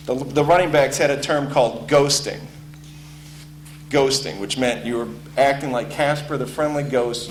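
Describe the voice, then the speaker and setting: A former college football player telling a casual story with lots of ums and uhs. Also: male voice, mid-range voice. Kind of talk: spoken anecdote to an audience. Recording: echoey room with faint hum.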